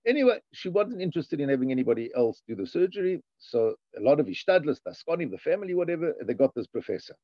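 A man's voice: fairly high pitch, very animated, quick pace, hardly any pauses, no room sound. A man giving a lecture, reading a passage and explaining it, with sing-song rises on the read lines. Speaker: Torah teacher. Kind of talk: lecture reading a text and translating. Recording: dull, dry lo-fi recording.

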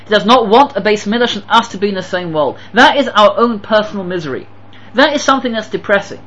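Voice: medium pitch, expressive, quick pace, a bit bright, rough recording. A Torah teacher giving an impassioned sermon, telling stories and pressing rhetorical questions with emphatic repetition. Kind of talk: sermon with storytelling.

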